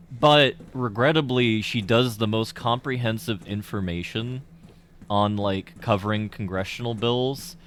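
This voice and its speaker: A man's voice: fairly low pitch, a bit bright, a little hiss or hum. A young man streaming a game, rambling through casual commentary with profanity and tangents.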